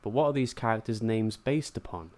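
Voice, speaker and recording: Low-voiced man hosting a podcast quiz. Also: fairly quick, a little mellow. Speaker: quiz host.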